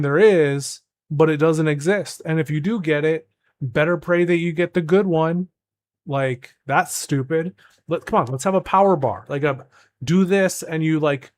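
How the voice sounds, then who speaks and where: A young man with a slightly raised pitch talks as a gaming streamer. He rambles in exasperation, restarting sentences as he rants. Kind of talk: casual ranting commentary.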